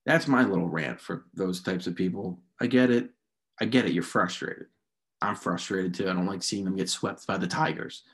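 A man's voice: low-pitched, moderate pace. Rambling young man ranting on sports. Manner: frustrated, rambling, animated rants with restarts. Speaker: podcast host. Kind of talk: casual sports rant.

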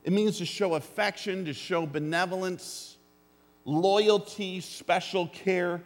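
A man with a somewhat high voice delivers a sermon in a church sanctuary. He talks earnestly and plainly, slips in dry jokes and calls out to the congregation, and his voice rings out with a long hall reverb. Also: steady tone, slow pace. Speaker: pastor.

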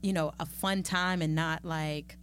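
A middle-aged woman talking as a podcast guest in a casual, lively and playful way, with chatty asides. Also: low-pitched, a little slow, a little hiss or hum. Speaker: podcast guest, magazine founder. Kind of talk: casual conversational interview.

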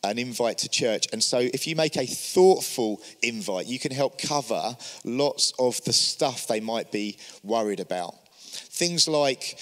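Man, mid pitch, earnest church teaching with rhetorical questions, long reverb. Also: expressive, moderate pace, fairly bright tone. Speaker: church leader. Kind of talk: teaching talk on inviting people to church.

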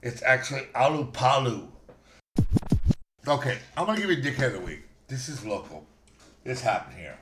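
A middle-aged man rambles through a story with blunt, foul-mouthed energy. His voice sits at an ordinary pitch for a man. The room around him sounds echoey. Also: lively intonation, a little fast, pauses often, loud music behind the voice. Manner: brash, heavily profane, rambling. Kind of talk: casual podcast banter and storytelling.

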